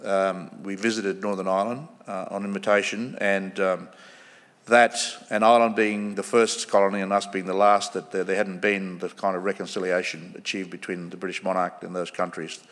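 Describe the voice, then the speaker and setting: Middle-aged aussie guy giving a lecture, kinda low voice, slow and careful with lots of ums, echoey hall. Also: little pitch movement, a bit bright. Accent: Australian. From Australia, Kimberley region. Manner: measured, pausing with ums, acting out quoted voices. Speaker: guest lecturer. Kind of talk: formal lecture with storytelling.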